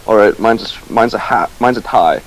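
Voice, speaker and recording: A young man as a podcast guest, talking in a halting, casual way with restarts. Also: on the low side, rough recording. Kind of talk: casual chat.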